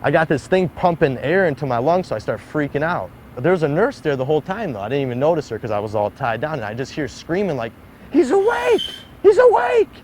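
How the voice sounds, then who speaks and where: A man's voice: medium pitch, expressive, fast talker, hardly any pauses, a little hiss or hum, low-quality recording. A young man telling a personal story in an interview, peppering it with "like". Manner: heavy use of "like", acts out quoted voices. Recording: interview clip with music underneath.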